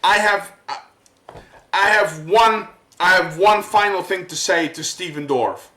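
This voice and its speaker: A man in a fired-up vlog rant, his fairly high voice stumbling and circling back over the same words. He talks slowly, working himself up as he goes. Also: sharp tone, roomy sound, poor audio. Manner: worked up, halting, repeats himself. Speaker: vlogger. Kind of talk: angry rant to camera.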